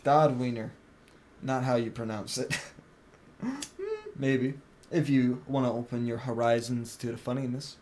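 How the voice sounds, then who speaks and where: A man's voice: mid-range voice, flat delivery, a little slow, pauses often, darkish tone, a little hiss or hum. A young man streaming a game, chatting casually, joking around and swearing freely. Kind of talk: casual gaming stream chat.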